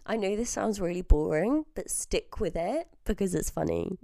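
A podcast host in her early twenties from southern England, feeling unwell, tells stories in a chatty way, laughing often and sometimes dropping to a whisper. Her medium-pitched voice is expressive, creaky and mellow at a moderate pace. She's very close to the mic, in clean studio sound with no echo.

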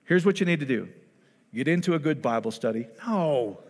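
A male pastor giving a conversational sermon, lively and animated, who keeps checking in with his congregation. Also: medium pitch, quick pace, in a large hall.

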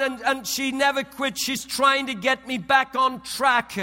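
A male pastor preaching a sermon in a storytelling way, often repeating words and dropping soft and low for solemn points. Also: steady tone, a little slow, few pauses, in a large hall, faint music behind. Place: church hall.

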